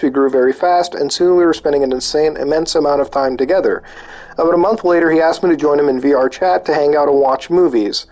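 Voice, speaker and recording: A man streaming live, reading posts aloud and reacting with disbelief and swearing. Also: on the high side. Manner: incredulous, swearing, reacting out loud.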